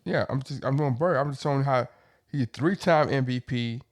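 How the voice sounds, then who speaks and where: A man on a podcast in a heated casual sports debate, reading numbers off slowly with stops and restarts. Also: medium pitch. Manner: hesitant, reads stats off his phone with restarts.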